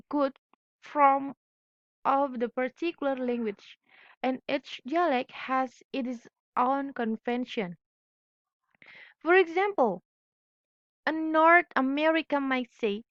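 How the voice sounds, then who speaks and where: A woman's voice: high-pitched, dry recording. A young woman whose first language is Indonesian, reading a class presentation carefully and correcting her own slips. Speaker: student presenter. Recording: dull lo-fi recording.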